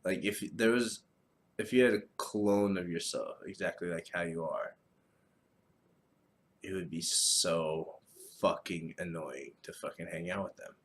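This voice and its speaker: A man hosting a solo podcast, talking casually in a profane, rambling, animated way. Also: low voice, a little slow, a little hiss or hum. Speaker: podcast host.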